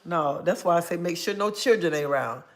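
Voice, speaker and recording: A woman's voice: on the low side, expressive, a little fast. Brief: middle-aged woman, livestream host, emphatic and repetitive, calls everyone honey. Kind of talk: casual livestream chat answering viewers.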